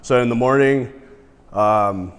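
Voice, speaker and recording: Slow and clear, this man's mid-range voice has a resonant tone and big-room sound. He's a podcast guest swapping stories in profane, casual conversation, frequently laughing partway through and performing others' quotes.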